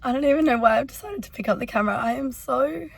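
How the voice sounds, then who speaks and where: A woman's voice: sits high, expressive, fast, creaky, husky, no echo, faint music behind. Sick young Australian woman vlogging. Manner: chatty, rambling with many "like" fillers. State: sick, coughing and hoarse. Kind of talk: casual vlog chat to camera.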